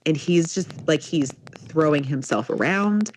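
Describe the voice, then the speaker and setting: A woman's voice: low voice, measured pace, slight background noise, rough recording. Young woman telling a story animatedly. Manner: animated storytelling, heavy use of "like". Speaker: podcast co-host. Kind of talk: casual storytelling chat.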